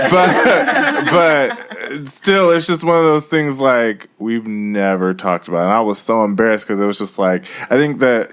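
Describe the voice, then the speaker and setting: A young man co-hosting a podcast, telling a story in a casual, animated way. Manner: animated storyteller, mimics others in a high voice. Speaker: podcast co-host.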